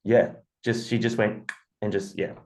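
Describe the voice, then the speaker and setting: A man, a podcast co-host telling animated stories and swearing freely. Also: on the low side, a little slow, slight background noise. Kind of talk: casual storytelling.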